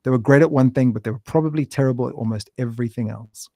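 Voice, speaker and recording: A man, a guest on a podcast, talking with enthusiasm and acting out stories in lively bursts. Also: medium pitch, racing, dry recording. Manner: animated storyteller, acts out quotes. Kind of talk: enthusiastic casual interview talk.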